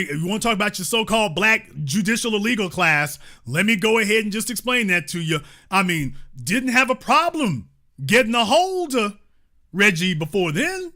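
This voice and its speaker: A man hosting a commentary show, delivering an animated monologue in a blunt, emphatic, repetitive way. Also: high-pitched.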